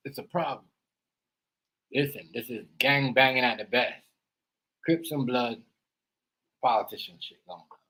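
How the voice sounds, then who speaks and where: A man hosting a live stream, rambling through casual reaction commentary and swinging between loud outbursts and quiet asides. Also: medium pitch, a little slow, pauses often, slightly rough, low-quality recording. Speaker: stream host. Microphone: live stream setup.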